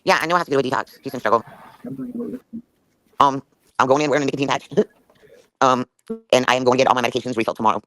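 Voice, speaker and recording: A woman with a very deep, slightly bright voice appears as a guest on a livestream. Caught up in a heated conversation, she talks rapidly and emotionally, swearing freely.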